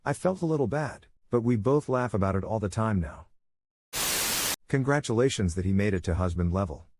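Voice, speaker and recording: Male narrator, deep and low, reading posts and comments straight through. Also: expressive, fairly quick, background noise. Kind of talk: scripted narration.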